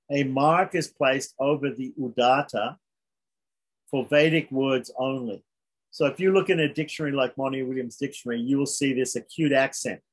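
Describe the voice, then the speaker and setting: A man with a husky, slightly rough voice walks beginners through a lesson. His delivery is loose and reassuring, full of restarts and repeated phrases, and it sits at an ordinary middle pitch. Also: poor audio. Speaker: Sanskrit teacher. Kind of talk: informal online lesson.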